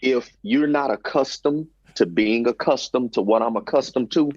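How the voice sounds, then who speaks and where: A man's voice: mid-range voice, normal speed, husky, dry recording, muffled recording. A man co-hosting a podcast in casual chat, emphatic and prone to repeating himself. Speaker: podcast co-host.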